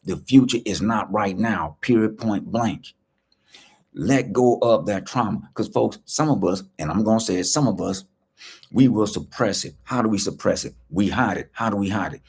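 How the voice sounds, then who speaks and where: Male life coach, low and husky, preachy livestream delivery with repeated lines. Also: normal speed, a little mellow. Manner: preachy, repeats key lines, asks rhetorical questions; speaks straight to viewers, greeting them by name. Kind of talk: motivational livestream talk.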